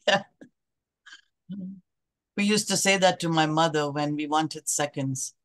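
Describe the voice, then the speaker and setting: A woman at an open mic reading her own poem in a measured, expressive way. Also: low-pitched.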